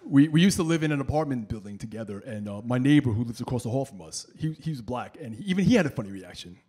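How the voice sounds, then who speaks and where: A man's voice: mid-range voice, quick pace, slightly rough. A man in his thirties doing a stand-up comedy set, telling stories and acting out voices. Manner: animated storytelling, acting out voices. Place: comedy stage with laughing audience.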